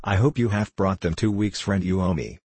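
Man voicing a stout money-minded landlady, deep husky read, dry sound, storybook. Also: fairly quick, darkish tone, no echo. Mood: blunt. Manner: blunt.

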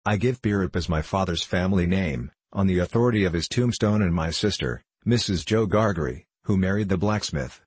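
A man narrating a classic novel as an audiobook, reading in a measured, deliberate way. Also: sits low, darkish tone, husky, no room sound.

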